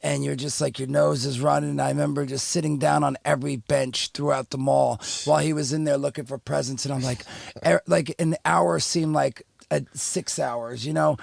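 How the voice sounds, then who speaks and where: A man's voice: fairly high pitch, fairly even intonation, brisk, gravelly, dry recording, studio quality. A middle-aged man, telling a story candidly and rambling as a podcast guest, full of fillers and restarts. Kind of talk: casual storytelling.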